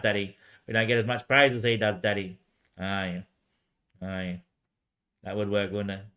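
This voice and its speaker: A man's voice: mid-range voice, bright, forceful tone. A man streaming alone, rambling and answering himself back and forth, dropping "mate" and laughing often. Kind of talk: rambling solo livestream talk.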